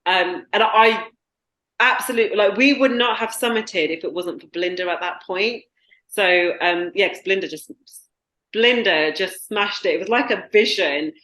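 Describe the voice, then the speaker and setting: A woman guest recounting a hard experience in an earnest, halting way, restarting her sentences. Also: mid-range voice, a bit bright. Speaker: podcast guest. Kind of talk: reflective conversational storytelling. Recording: echoey room.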